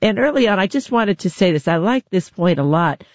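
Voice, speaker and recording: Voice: medium pitch, lively intonation, brisk. A chatty interview host who leads the conversation with easy questions and laughs often. The voice sounds slightly dull, as if on a muffled line. The recording is dry, with no room echo.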